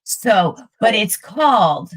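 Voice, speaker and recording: A woman's voice: mid-range voice, expressive, takes it slowly, slightly rough. A middle-aged woman co-hosting a casual talk show, brash and bawdy, cracking jokes. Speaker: co-host.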